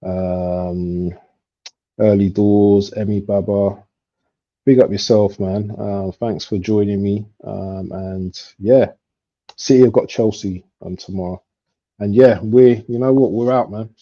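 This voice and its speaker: Man, low mellow voice, rambling host, lo-fi audio. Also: fairly even intonation, takes it slowly. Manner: rambling, full of fillers. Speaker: livestream host. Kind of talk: casual football chat. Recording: dull lo-fi stream audio.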